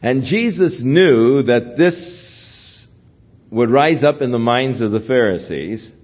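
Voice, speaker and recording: Male pastor, sermon, very slow, dull lo-fi sound. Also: medium pitch, lively intonation. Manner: measured Bible teaching, acting out quotes. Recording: dull lo-fi recording.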